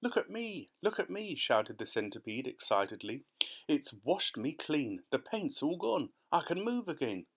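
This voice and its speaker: A man voicing an excitable, boastful male centipede in a storybook audiobook, gleeful and sing-song. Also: mid-range voice, measured pace. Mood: excited.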